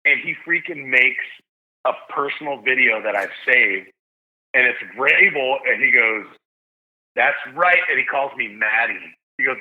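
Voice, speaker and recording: A man, a stadium announcer guest on a podcast, telling stories in an excitable, joking way. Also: medium pitch, measured pace, narrow, tinny audio. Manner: excitable, jokey storyteller. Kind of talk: casual podcast storytelling.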